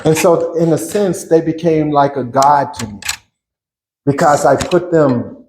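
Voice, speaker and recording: A man's voice: fairly high pitch, measured pace, a little mellow, roomy sound, a little hiss or hum. Earnest man telling his testimony. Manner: earnest, emotional storytelling with repeated words and laughs. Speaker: church member giving testimony. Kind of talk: personal testimony.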